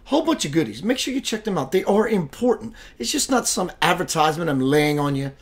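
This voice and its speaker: With a high, sing-song voice and a fast delivery, this man hosts a spiritual web radio show. He chats casually and playfully on the livestream, calling out viewers by name and laughing a lot.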